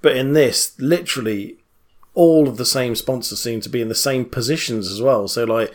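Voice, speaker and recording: A man's voice: medium pitch, moderate pace. Guy rambling on a podcast, lots of likes and ums, chuckles at his own jokes. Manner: rambling, many fillers and restarts. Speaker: podcast co-host. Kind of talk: casual chat.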